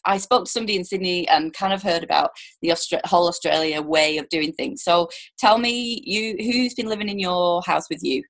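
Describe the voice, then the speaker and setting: A woman hosting a relaxed podcast conversation. She talks in a chatty, rambling way, full of little fillers and false starts. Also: lowish voice, fairly quick, few pauses. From United Kingdom. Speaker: podcast host. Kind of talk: casual interview chat.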